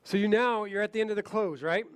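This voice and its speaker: A man giving a sales training seminar, animated, acting out short client conversations as he teaches. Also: high-pitched, fast talker, clear, resonant tone. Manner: animated, acts out client dialogue. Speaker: seminar speaker.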